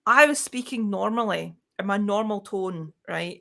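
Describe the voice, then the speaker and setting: A woman's voice: mid-range voice, unhurried, creaky, fairly bright tone. A woman from Scotland with a Scottish accent, chatting casually on a live stream, telling side stories.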